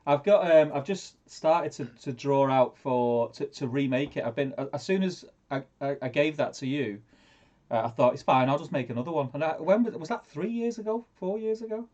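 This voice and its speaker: Higher-voiced man hosting a casual chat. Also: animated, moderate pace, mellow, highs cut off.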